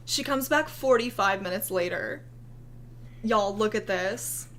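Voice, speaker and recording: A young woman hosting a casual commentary video, sarcastic, profane and quick to laugh. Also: medium pitch, a bit bright, a little hiss or hum.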